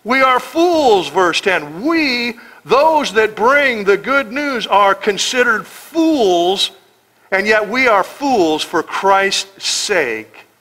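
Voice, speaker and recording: A man's voice: high-pitched, lively intonation, very slow, sharp tone, poor audio. A man with an American accent preaching a verse-by-verse sermon as pastor, emphatic and sarcastic, firing rhetorical questions. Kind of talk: expository sermon.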